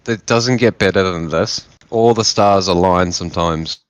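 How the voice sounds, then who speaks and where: A man's voice: low-pitched, moderate pace, clear, resonant tone, no echo. A man guesting on a live stream, presenting news stories with wry, teasing humor. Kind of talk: casual live stream chat.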